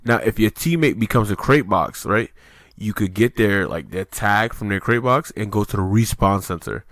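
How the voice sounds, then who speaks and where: On a podcast, a male co-host chats loosely and casually, rambling with lots of filler words and swearing. His voice sits on the low side, expressive and fairly bright, at a normal speed. The sound is clean, dry, and studio quality.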